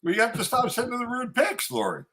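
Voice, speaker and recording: A man co-hosting a podcast, chatting casually and teasing his co-host with quick laughs. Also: extremely high pitch, creaky, sharp tone. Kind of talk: casual chat.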